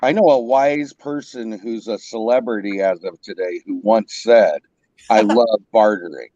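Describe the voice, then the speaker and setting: A man's voice: lowish voice, moderate pace, warm tone, dry recording. A man hosting a casual panel chat, rambling and correcting himself as he goes. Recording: dull, dry lo-fi sound.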